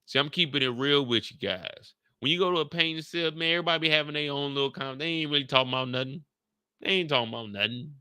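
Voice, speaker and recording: A man's voice: on the high side, quick pace, sharp tone, clean tone, dry recording. A man hosting his show, chatting loosely in slang and repeating his points. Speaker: YouTube show host. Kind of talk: casual recap chat.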